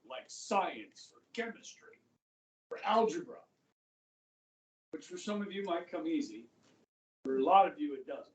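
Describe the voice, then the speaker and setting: A middle-aged man teaching a high school history class, chatting and joking, often checking in with his students. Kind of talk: classroom lecture. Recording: echoey classroom, voice from far off.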